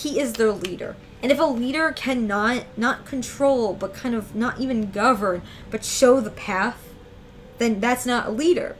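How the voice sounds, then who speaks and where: Brief: emphatic woman reviewing a manga chapter, slangy and excitable, a bit high-pitched. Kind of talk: casual chapter breakdown.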